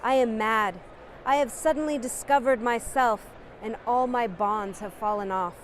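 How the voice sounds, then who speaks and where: A woman's voice: fairly high pitch, moderate pace, a little hiss or hum. A woman giving a dramatic, impassioned poetry recitation. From United States. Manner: declamatory and impassioned.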